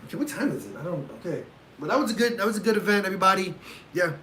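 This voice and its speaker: His voice is high-pitched, bright and pushed, racing along with big swings in pitch. He's a man on a casual livestream from home, reacting to fights and ranting at his chat in exasperation.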